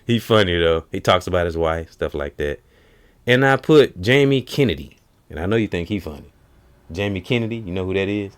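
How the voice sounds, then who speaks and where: A man with a deep, low, resonant voice hosts a laid-back chat, speaking clearly and a bit quickly. He retells comedy routines, repeatedly switching into high, put-on voices to deliver the punchlines.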